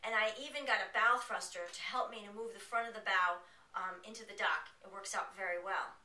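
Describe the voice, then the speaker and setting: A woman in her forties tells a personal story to an audience, lively and dramatic, slipping into the voices of the people she recounts. Her voice is bright and forceful. She sounds a little distant from the mic in a roomy hall. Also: medium pitch, a little fast. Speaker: periodontist telling a personal story.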